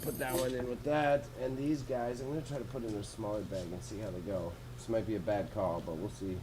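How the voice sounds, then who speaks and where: A man's voice: on the low side, fairly even intonation, a little fast, background noise. A young Canadian man with a Canadian accent, chatting casually and with slang to viewers during a livestream while he sorts jewelry. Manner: laid-back, slangy, swears casually, chats with viewers.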